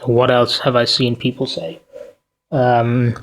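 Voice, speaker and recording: A man's voice: medium pitch, fairly even intonation, takes it slowly. Tired male vlogger, mid-range voice, blunt profane rant driven by rhetorical questions. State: tired, sleepy. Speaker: commentary vlogger. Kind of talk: ranting commentary to camera.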